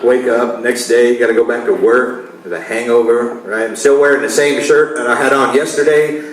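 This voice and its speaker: On a comedy club stage, a forties-aged stand-up runs through a relaxed, conversational routine, laughing at his own material while the crowd laughs along. His mid-range voice stays fairly even at a moderate pace, heard from afar in an echoey room with a little hiss or hum.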